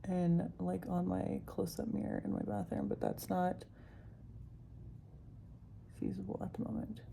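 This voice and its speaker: A young woman talks her way through a makeup tutorial, loose and chatty, stringing thoughts together with plenty of "like" and casual swearing. Her voice has a strong creaky fry, and now and then she sinks into a soft near-whisper. A faint hiss sits under the recording. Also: fairly low pitch, fairly even intonation, a little slow. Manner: rambling, filler-heavy, frequent "like", swears casually. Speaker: vlogger.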